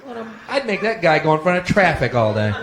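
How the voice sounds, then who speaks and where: Profane young male stand-up comedian on stage, bit high, roomy live club sound. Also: very animated, fast talker. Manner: brash, profane, acts out voices. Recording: echoey live club with loud audience noise.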